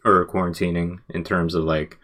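Low-voiced man rambling in casual chat. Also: level tone, normal speed, bright, forceful tone. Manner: rambling, filler-heavy, many self-corrections. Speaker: podcast co-host.

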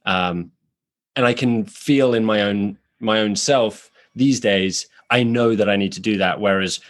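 A British man, an actor, talking through ideas in a relaxed podcast chat, thoughtful and frank, circling back on himself as he goes. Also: lowish voice, measured pace. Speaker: actor, guest. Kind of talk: casual podcast conversation. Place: New York.

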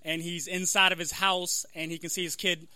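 A young man performing stand-up, talking in halting bursts full of fillers and self-deprecating asides. His voice sits very high for a man and is bright and sharp, with a lively swing in pitch. The sound is dry and close. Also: clean tone, no echo. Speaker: stand-up comic. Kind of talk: stand-up comedy.

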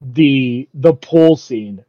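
A man in casual chat, excitedly recapping an anime episode, laughing constantly and swearing freely. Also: mid-range voice, drawn-out words, dry recording. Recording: dull lo-fi sound.

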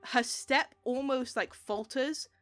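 Chatty woman game master, bright voice. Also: sits high, slow, dry recording. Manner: chatty, lots of fillers, laughs often. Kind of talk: narrating a tabletop game.

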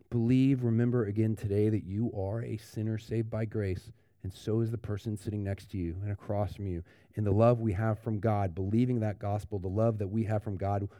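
A male pastor delivering a sermon in a relaxed, conversational style, often restarting his sentences. His voice has a mellow, warm tone. The sound is close and dry, with little room around it. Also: on the low side, no echo. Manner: conversational preaching with fillers and restarts.

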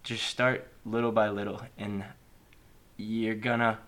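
A man's voice: lowish voice, level tone, a little slow, fairly bright tone. A young man co-hosting a casual podcast, earnest and rambling, with lots of "like" and "bro". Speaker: podcast co-host.

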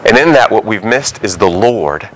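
A man's voice: fairly low pitch, expressive, moderate pace, a bit bright, slight background noise, rough recording. A man preaching a sermon as a pastor, talking conversationally and acting out short quoted voices.

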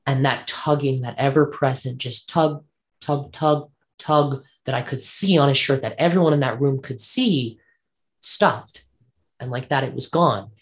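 A man's voice: mid-range voice, unhurried. Man earnestly telling a personal ghost story. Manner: earnest, vivid storytelling with repeated phrases for emphasis. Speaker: interview guest.

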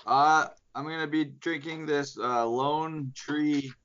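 A man's voice: on the high side, fairly even intonation, slow, fairly bright tone, highs cut off, a little hiss or hum. A man chatting casually on a podcast, making brief, easygoing remarks. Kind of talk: casual chat.

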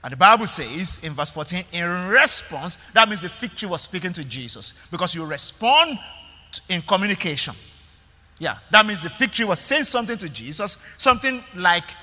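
A man's voice: high voice, very animated, normal speed, sharp tone, in a large hall. A male pastor preaching a sermon in an emphatic way, repeating words and calling out to the congregation.

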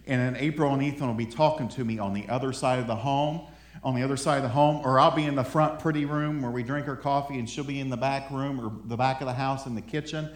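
A man's voice: medium pitch, steady tone, quick pace, echoey room. A man preaching a sermon in a conversational way, often repeating words as he builds a point. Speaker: pastor. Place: room with an audience.

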